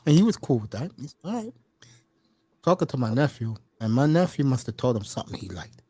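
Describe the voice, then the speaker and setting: A man's voice: medium pitch, sing-song, fairly quick, mellow, slightly rough, no echo. A middle-aged man telling stories casually, mimicking people and laughing often. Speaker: podcast host. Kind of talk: casual storytelling chat.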